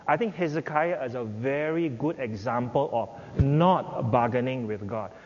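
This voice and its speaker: An older man preaching a sermon as pastor, acting out pleading prayers in an impassioned voice. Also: a little slow. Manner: impassioned, acts out prayers with rising pitch. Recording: dull reverberant hall with faint noise.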